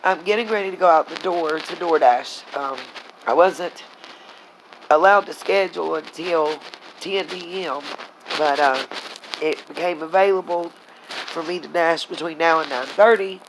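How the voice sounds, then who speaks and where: A woman's voice: deep voice, unhurried, noisy background. A woman, angrily venting to her viewers in a casual vlog, blunt and heated, talking to them as y'all. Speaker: vlogger. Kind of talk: angry casual vlog rant.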